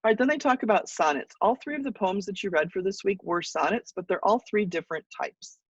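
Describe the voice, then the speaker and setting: Guy teaching a poetry class over a call, kinda high voice, muffled lo-fi sound. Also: brisk, slightly rough, no room sound. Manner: relaxed explaining with fillers and restarts. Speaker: college English teacher. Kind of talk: online class lecture. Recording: muffled distant mic.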